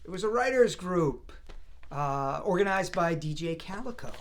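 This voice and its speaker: A high-voiced man in his fifties from the US East Coast speaks at normal speed. He's a voice actor appearing as a guest over a video call, chatting in a relaxed, rambling, self-deprecating way.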